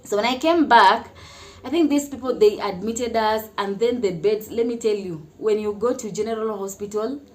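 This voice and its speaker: A woman's voice: mid-range voice, normal speed. A Kenyan woman telling a personal story in a casual vlog, chatty, often laughing and mixing in Swahili phrases. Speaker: mother sharing her experience.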